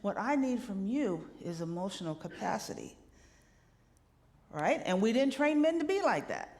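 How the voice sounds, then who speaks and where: A woman minister giving a lively, conversational sermon, often checking in with the congregation with a quick "right?". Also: mid-range voice. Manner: animated, conversational preaching with rhetorical "right?" asides. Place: church sanctuary. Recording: long hall reverb.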